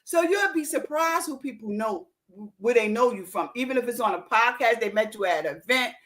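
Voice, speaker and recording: High-voiced woman telling lively stories. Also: fairly quick. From Newark, New Jersey. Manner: animated storyteller acting out quoted dialogue. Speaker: podcast host and author. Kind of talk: casual podcast chat.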